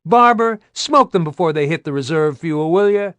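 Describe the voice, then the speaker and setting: A man's voice: sits high, very animated, moderate pace, dry recording, voice pushed up. A man voicing a testy, cocky male helicopter pilot who snaps and swears. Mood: bossy. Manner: raised, snappy, swearing.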